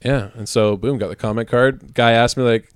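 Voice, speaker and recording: A man's voice: medium pitch, steady tone, moderate pace, clear, resonant tone, dry recording. A young man co-hosts a casual podcast and tells a story at an easy, laid-back pace. He laughs often and swears freely. His voice sits mid-range and is recorded close and dry. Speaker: podcast co-host.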